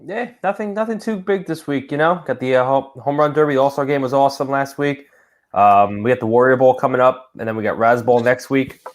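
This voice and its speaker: A man's voice: medium pitch, fairly quick. A man co-hosting a podcast in casual chat, easygoing and telling stories. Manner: easygoing storyteller, animated when quoting. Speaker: podcast co-host.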